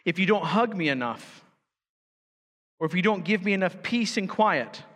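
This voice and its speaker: A man's voice: sits high, animated, moderate pace, a bit bright. A man preaching a sermon as pastor, emphatic and building to fervent urgency. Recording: church hall reverb.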